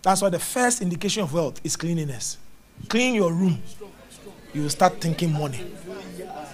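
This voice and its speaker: A man preaching a charismatic sermon, animated, acting out little scenes with mimicked voices and sounds. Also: on the high side, normal speed. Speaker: prophet preaching.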